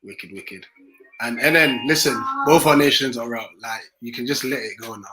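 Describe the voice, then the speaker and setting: A man joining a casual football chat remotely, telling stories in a chatty, excitable way. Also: medium pitch, moderate pace, noisy background. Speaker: guest on call.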